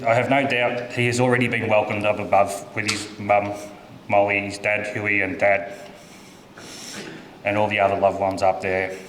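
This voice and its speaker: Low-voiced man in echoey church. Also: a bit bright. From Australia. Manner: halting, repeats his words. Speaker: eulogy speaker. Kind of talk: reading a eulogy. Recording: echoey church with faint room noise.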